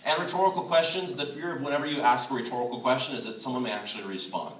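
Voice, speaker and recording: A man's voice: medium pitch, racing, a bit bright, a little hiss or hum. A man leading a public speaking workshop, explaining point by point and shifting his volume and pace to show his ideas. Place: large hall. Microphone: phone in the audience, speaker on a microphone. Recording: roomy hall recorded from far off with phone.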